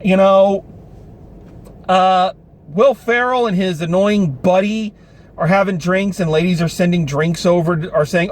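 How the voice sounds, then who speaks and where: A man giving a casual, animated review of a film, talking with exasperation and some swearing, recorded in a car. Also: sits high, unhurried. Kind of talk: casual spoken movie review. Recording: noisy car interior.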